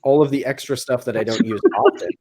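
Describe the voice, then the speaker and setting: A man talking relaxed on a podcast as a guest, with teasing banter. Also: medium pitch, fast, slight background noise. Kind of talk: casual podcast chat.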